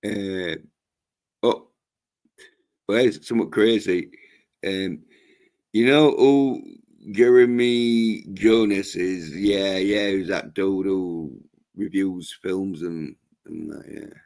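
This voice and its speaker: Brief: male livestream host, unhurried drawl, crude and rambling. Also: low voice, a little mellow. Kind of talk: casual chat.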